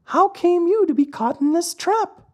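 A tiny female glowworm in a storybook, kind yet reproving, speaking high and lilting, as a male reader puts her on. Her voice swoops with lots of movement. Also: lively intonation, normal speed. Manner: gently reproving. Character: gentle scolding female glowworm.

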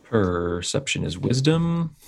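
A man's voice: lowish voice, sing-song, takes it slowly, creaky. A man playing a tabletop game, speaking thoughtfully with some hesitation. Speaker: player.

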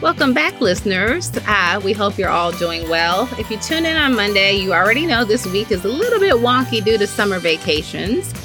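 A woman hosting a podcast, giving a friendly, brisk introduction. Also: medium pitch, sing-song, music in the background. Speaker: podcast host.

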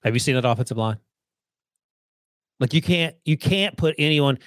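A man's voice: medium pitch, expressive, normal speed, dry recording, clean studio sound. A man who analyzes the football draft, talking confidently and opinionated in a casual podcast chat. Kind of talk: casual sports talk.

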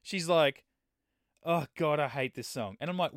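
A man's voice: fairly high pitch, moderate pace, no room sound. A man co-hosting a podcast in casual chat, jokey and often laughing into a close mic. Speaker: podcast co-host.

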